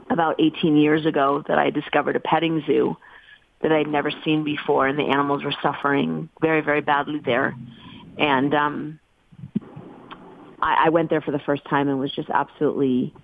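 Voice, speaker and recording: A woman's voice: low voice, gravelly. A middle-aged woman telling her life story as an interview guest, earnest and emotional. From United States. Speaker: guest, animal sanctuary founder. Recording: tinny phone-line sound, dry.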